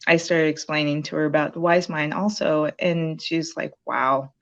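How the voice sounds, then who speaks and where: A woman with a low voice recounts her experience in a relaxed interview. She rambles with many "um"s and restarts. The sound is dull and lo-fi, like a call. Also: normal speed. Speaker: program graduate sharing her story. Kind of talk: casual interview testimonial.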